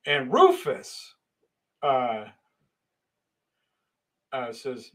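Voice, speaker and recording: A middle-aged man telling a long casual story, animated, with sudden loud bursts and hushed asides. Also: mid-range voice, normal speed.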